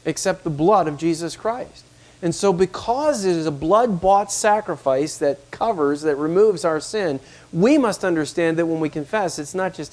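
A male pastor preaching, his voice sitting a touch high for a man. He presses his points with growing emphasis and reads scripture aloud as part of the sermon. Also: lively intonation, moderate pace, darkish tone.

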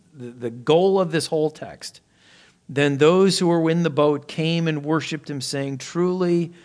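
A man preaching a sermon, acting out Bible characters with lifted voice and dropping to a hush for emphasis. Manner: expressive preaching, voicing Bible characters with rising pitch and volume; drops to a soft hush for emphasis. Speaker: pastor.

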